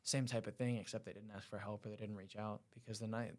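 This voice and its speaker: A young man, a cadet, talking as a guest on a podcast and telling his stories with quick energy. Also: on the low side. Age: young adult. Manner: quick, animated storytelling. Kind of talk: casual podcast storytelling.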